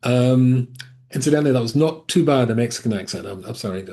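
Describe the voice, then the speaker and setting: A man's voice: mid-range voice, a little fast, warm tone. A male rabbi teaching a Torah class over a video call, talking in a digressive way with frequent restarts and asides.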